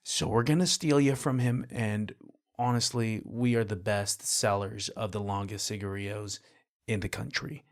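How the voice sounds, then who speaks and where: A man with a Bronx accent voicing a smooth-talking male rival commercial director in a low, murmured tone. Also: steady tone, moderate pace, lightly acted. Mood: hushed persuasive. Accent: New York, Bronx.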